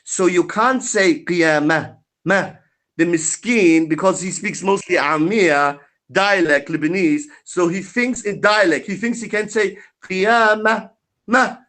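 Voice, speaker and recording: High-pitched guy on a video call, heated debate, mocking and preachy. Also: a little slow, a bit bright. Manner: mocking, combative, lecturing.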